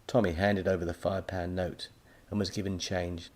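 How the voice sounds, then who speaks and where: A man narrating a children's audiobook in a lively storytelling manner. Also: deep voice, moderate pace.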